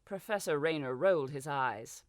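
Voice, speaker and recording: A woman's voice: sits low, normal speed, dry recording, clean studio sound. A woman reading a fantasy audiobook as narrator, giving the characters small voice shifts. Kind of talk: scripted narration.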